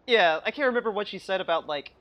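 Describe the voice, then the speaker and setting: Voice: medium pitch, animated, fast, a bit bright. Giggly rambling movie podcaster. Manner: giggly, rambling, acts out scenes in quoted voices. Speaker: movie review podcast co-host. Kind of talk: casual chat.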